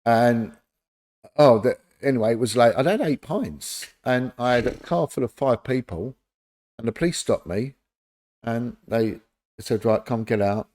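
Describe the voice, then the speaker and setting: A middle-aged man, telling lively stories as an interview guest and acting out the dialogue. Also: medium pitch, measured pace. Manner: animated anecdote-telling, acts out quoted dialogue. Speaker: interview guest, former police officer. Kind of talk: casual storytelling.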